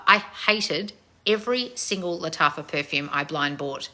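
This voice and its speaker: A woman in her thirties, a channel host reading viewer comments in a loud, blunt, casual way and swearing freely. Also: sits low, a little fast. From family of Croatian heritage. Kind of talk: casual live chat.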